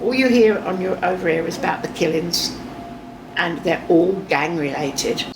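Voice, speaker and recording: An older Englishwoman from Hertfordshire with a Cockney-sounding accent, chatting as a guest and telling lively stories. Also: fairly low pitch, moderate pace, creaky, background noise. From England, Hertfordshire. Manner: lively storyteller, talks over others, chatty. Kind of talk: casual chat.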